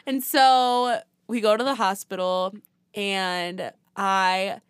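A woman co-hosting a podcast, telling a story in animated casual chat with lots of laughs and fillers. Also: mid-range voice, takes it slowly, clear, resonant tone, dry recording, studio quality. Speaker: podcast co-host.

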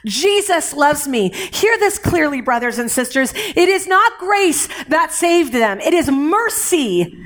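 A middle-aged woman preaching a sermon with impassioned, emotional delivery, dropping at times to hushed near-whispers. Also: high voice, big pitch swings, measured pace.

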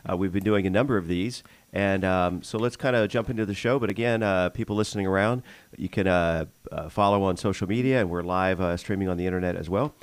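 A man co-hosting a radio show, talking in a relaxed, loose way with many fillers. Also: sits low, quick pace, smooth, no room sound. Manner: relaxed, filler-heavy talk. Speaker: radio co-host. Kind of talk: casual radio chat.

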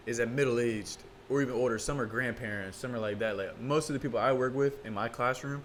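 A young man rattles on at a brisk clip in loose, slangy casual chat, his voice sitting in an ordinary middle pitch. He gets animated and mocking when he imitates small talk. A faint hum of background noise sits under him. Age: young adult.

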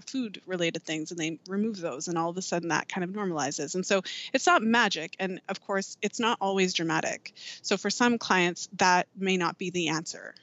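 A woman's voice: fairly low pitch, a bit bright, dry recording. A woman explaining in earnest detail as a podcast guest, often restarting her sentences and leaning on fillers. The recording is dull and lo-fi, and her voice sits dry and close with no room around it. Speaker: fertility awareness educator, podcast guest. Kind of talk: explanatory interview answers.

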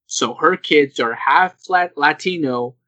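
A young man hosting a casual podcast chat, animated and laughing, acting out the people he quotes. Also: on the high side, slow pace, no echo, low-quality recording. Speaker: podcast host.

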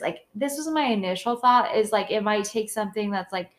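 Young woman co-host; chatty, animated, loose and profane. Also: medium pitch, a little fast, few pauses. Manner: chatty, animated, swears, lots of "like". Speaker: podcast co-host. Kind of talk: casual chat.

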